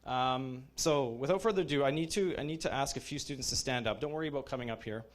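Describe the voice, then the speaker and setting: A man in his thirties giving an informal graduation speech as program head, halting with many fillers and restarts, openly emotional toward his students. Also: medium pitch.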